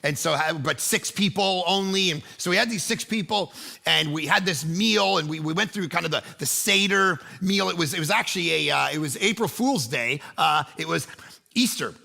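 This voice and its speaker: Male pastor, middle-aged, gravelly edge, bright tone, casual and animated storyteller. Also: on the high side, moderate pace. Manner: animated, acts out voices in his story, casual slang. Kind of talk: sermon with a storytelling anecdote.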